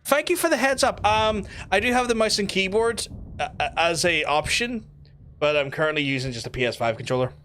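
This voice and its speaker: A man's voice: high-pitched, brisk, a bit bright, slight background noise. Chatty northern Irish man streaming a game. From Ireland. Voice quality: slightly nasal. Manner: chatty, rambling, sweary, thanks viewers by name. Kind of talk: casual livestream chat while gaming.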